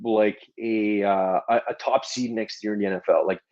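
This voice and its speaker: A man's voice: fairly low pitch, fairly even intonation, moderate pace, darkish tone, lo-fi sound. A man co-hosting a casual sports podcast, rambling and swearing when he rants. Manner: rambling, swears while ranting. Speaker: podcast co-host.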